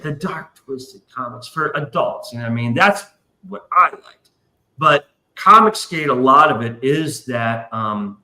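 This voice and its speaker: Man, podcast host, bright voice, echoey room, rambling, swears a lot. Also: a little high. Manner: profane, rambling storyteller. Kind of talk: casual livestream chat.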